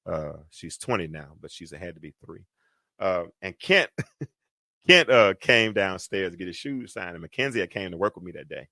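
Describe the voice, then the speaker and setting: A man's voice: low-pitched, sing-song, moderate pace, sharp tone, no room sound, clean studio sound. A man hosting a show, teaching from the Bible in a preaching style, colloquial and building into emphatic, repeated lines. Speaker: host.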